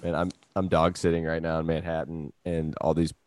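Deep-voiced man riffing jokes. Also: flat delivery, a little fast, darkish tone, no room sound. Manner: riffing, jokes in bits, laughs often. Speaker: podcast co-host. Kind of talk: casual comedic chat. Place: apartment in a high-rise.

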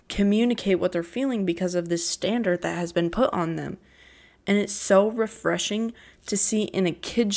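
A woman's voice: medium pitch, a little mellow. A woman talking casually about a cartoon she loves, heartfelt and openly emotional, filling her sentences with "like". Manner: heartfelt, emotional, lots of "like" fillers. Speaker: fan commentator. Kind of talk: casual fan commentary.

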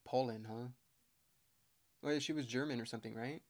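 Gravelly-voiced young man rambling casually. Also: medium pitch, fairly even intonation, moderate pace. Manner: rambling, reads notes aloud, stumbles over words. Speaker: podcast co-host. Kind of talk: casual chat.

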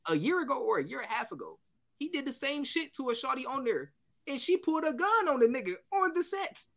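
A man's voice: extremely high pitch, quick pace. A man co-hosting a casual podcast, telling a story with acted-out quotes and frequent laughter. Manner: animated storytelling, acts out quotes, laughs often. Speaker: podcast co-host.

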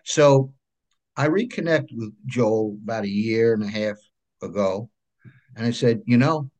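A man with a New York accent, a guest telling lively anecdotes in a casual interview and often checking in with "right?". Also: mid-range voice, a little slow. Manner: animated anecdotes, frequent "right?" check-ins. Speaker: guest, comic book creator.

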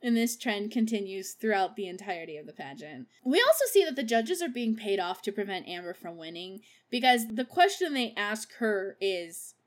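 A woman hosting a podcast, recapping a movie in a casual, profane way. She laughs often and gushes over the characters she loves. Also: on the high side. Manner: gushing about favorite characters. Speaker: podcast host.

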